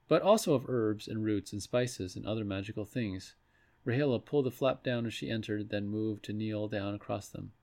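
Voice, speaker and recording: A man reading a fantasy story aloud in a measured way, with a few restarts. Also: on the low side, a little mellow. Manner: measured, with occasional slips and restarts. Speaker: narrator. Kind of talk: storybook read-aloud narration.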